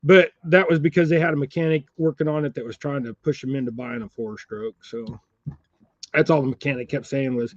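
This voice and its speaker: A man's voice: medium pitch, fairly quick, no echo, lo-fi sound. A man hosting a fishing channel, chatting casually on a livestream while tying jigs. He rambles in a folksy way and chuckles often.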